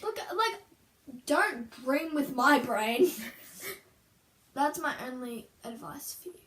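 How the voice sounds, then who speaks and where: High bright woman telling a story. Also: slow pace. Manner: animated storytelling, acting out voices, gasps and screams. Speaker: storyteller recounting a dream. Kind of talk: casual story time. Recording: echoey room from a distant mic.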